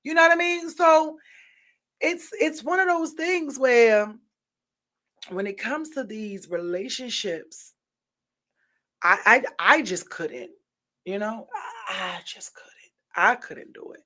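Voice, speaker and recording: A woman's voice: a little high, expressive, slow pace, pauses often, sharp tone. Candid, rambling woman vlogger. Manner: candid, rambling, opinionated, with many fillers. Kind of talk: casual opinion monologue.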